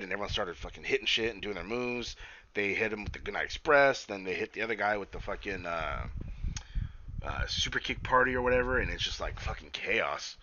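Profane, excitable young man, sharp bright voice. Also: lowish voice, a little hiss or hum. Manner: profane, excitable, acts out quotes. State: tired, yawning. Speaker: podcast host. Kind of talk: casual wrestling recap. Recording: dull lo-fi sound.

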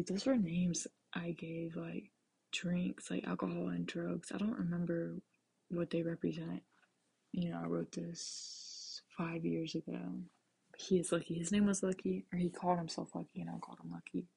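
A young woman rambles through her own podcast from a dark office, blunt and profane, often sinking into a half-whisper. Her voice is deeply husky and gravelly, low and dark in tone. She speaks in a flat, level way. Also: moderate pace. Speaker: author and podcast host. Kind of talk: casual rambling monologue.

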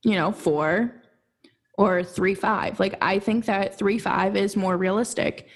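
A woman's voice: mid-range voice, fairly even intonation, slow pace. Chatty young woman talking hockey. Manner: chatty, laughs often, many fillers. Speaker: podcast co-host. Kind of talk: casual sports podcast chat.

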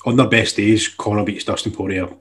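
A man's voice: on the low side, steady tone, a little fast, fairly bright tone. A young man, chatting casually and swearing now and then on a podcast. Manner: laid-back, swears casually. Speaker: podcast co-host. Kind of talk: casual chat.

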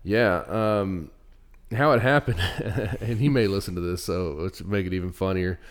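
A young man with a very deep voice co-hosts a casual podcast chat. He rambles through his stories, full of fillers, restarts and "you know"s. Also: unhurried. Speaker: podcast co-host.

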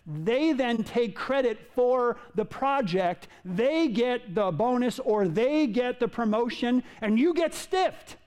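Animated high-pitched preacher man. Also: slow, hardly any pauses, smooth. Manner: animated, acts out quotes with big pitch jumps. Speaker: pastor. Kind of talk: sermon. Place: in a room with listeners.

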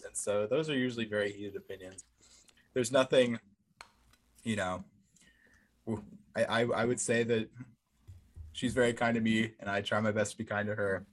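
A young man co-hosting a podcast in casual chat, rambling and self-mocking, stammering through restarts. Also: on the low side. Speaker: podcast co-host.

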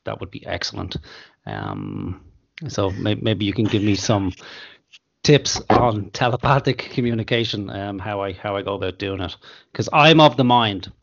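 A man with a low, gravelly voice hosts a podcast over an internet call. He talks in a measured, dry way and drops the odd swear word, and the line sounds dull and lo-fi. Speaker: podcast host. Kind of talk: casual chat over a call.

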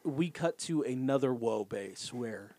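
A man's voice: medium pitch, animated, a little slow, dark tone, dry recording. A man casually recapping a show's plot step by step with a co-host.

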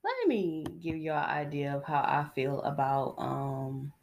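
Soft-spoken, blunt young woman podcaster. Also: expressive, measured pace, a little hiss or hum. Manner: soft-spoken, low-key delivery; blunt and opinionated, with slangy asides. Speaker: podcast host. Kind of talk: casual solo podcast monologue.

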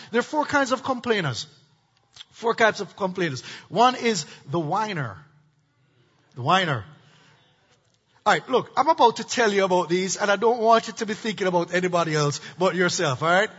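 A middle-aged male pastor preaches to his church, with a high, bright, slightly husky voice. He calls on the congregation to answer back. The sound is dull and carries a long hall reverb. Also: expressive, brisk. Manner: call-and-response preaching with congregation prompts. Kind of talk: sermon. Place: church sanctuary. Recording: dull echoey hall recording.

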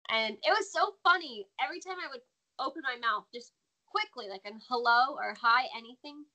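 An American woman talks as a guest in a relaxed interview. Her voice sits a little high and sounds bright and clear. She is animated and laughs easily. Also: fairly quick. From United States. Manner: chatty, laughs often, animated. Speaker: guest, former wrestler. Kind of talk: casual interview chat.

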